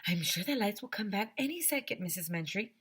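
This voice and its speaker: A woman reading aloud, voicing a fussy male school principal who keeps trying to calm everyone down. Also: mid-range voice, brisk, breathy edge, voice pushed up. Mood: reassuring.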